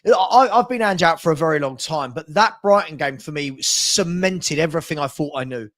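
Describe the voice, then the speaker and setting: Higher-voiced exasperated man. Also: expressive, fairly quick, fairly bright tone. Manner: exasperated, emphatic. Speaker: co-host. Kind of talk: casual football chat.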